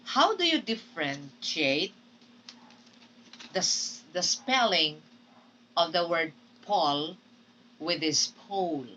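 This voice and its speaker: A woman teacher giving a recorded phonetics lecture, speaking deliberately and often checking in with her students. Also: fairly low pitch, animated, sharp tone, recorded from a distance, slight background noise, rough recording. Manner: slow, deliberate, checks in with "okay?". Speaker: English teacher.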